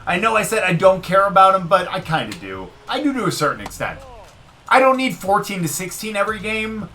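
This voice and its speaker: A man with a fairly high, bright voice, commentating a baseball video game in a casual let's-play style. He swings his pitch all over as he talks to the game, cheering and groaning along with every pitch, with soft music underneath. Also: sing-song, brisk. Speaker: gaming video creator.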